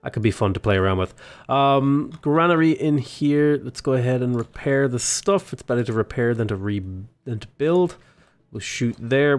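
A young Australian man giving rambling, casual commentary while playing a strategy game, chatting to his units. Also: mid-range voice. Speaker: gaming YouTuber. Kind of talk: casual let's-play commentary.

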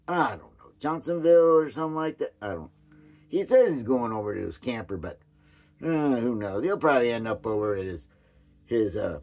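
A man rambling through a casual commentary vlog with a hoarse voice, often losing his train of thought. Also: mid-range voice, darkish tone. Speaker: commentary vlogger.

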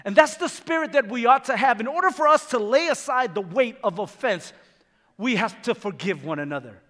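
A man's voice: extremely high pitch, expressive, a little fast, bright, forceful tone. A male pastor preaching emphatically, repeating phrases and stumbling into restarts as he drives his points home. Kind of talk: sermon. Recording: reverberant hall with faint music.

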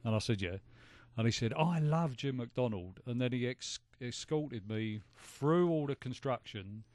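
A man's voice: medium pitch, moderate pace, a little mellow, no echo. A man with a British accent co-hosting a radio talk show, telling easygoing stories. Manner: chatty anecdote-telling, agreeable. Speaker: radio co-host.

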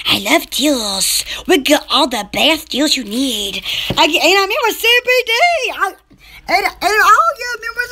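A woman from Alabama with a Southern accent, rambling excitedly in a casual vlog for her online shop. She giggles often and fills her talk with "oh" and "um". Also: high-pitched, measured pace. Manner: giggly, excitable, lots of "oh" and fillers.

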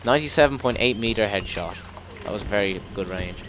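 A man giving an excitable, cursing commentary while playing a video game, breaking into loud yells. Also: lowish voice, a little fast, slight background noise. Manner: excitable, swears, bursts into yells. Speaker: gameplay video host. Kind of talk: let's play commentary. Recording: game music clearly behind the voice. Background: game music and sound effects.

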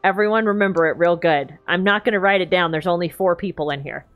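A woman's voice: fairly low pitch, fast, phone-quality sound, soft background music. A woman gaming streamer giving casual, playful let's-play commentary, chatting and joking about herself.

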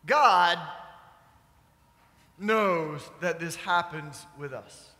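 In a church sanctuary, a pastor with a high, bright voice moves from reading scripture into a homely story at a moderate, animated pace. He speaks conversationally to the congregation, asking them questions, while the hall adds a long reverb.

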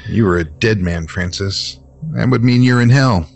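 Deep, blunt man playing his character. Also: moderate pace, vocal fry, faint music behind. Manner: blunt and impatient. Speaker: player. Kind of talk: in-character role-play in a horror tabletop game.

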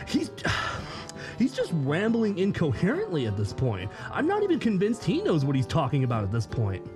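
A man's voice: a little high, wildly swooping pitch, moderate pace, music in the background. A man hosting a reaction commentary, dry and sarcastic. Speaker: commentary host.

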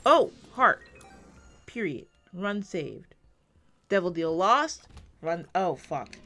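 A woman giving casual, rambling commentary while playing a video game, self-deprecating and swearing often, swinging between quiet and loud, on a close desk mic. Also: lowish voice, very animated, slow pace, pauses often, faint music behind. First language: English. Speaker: gaming YouTuber.

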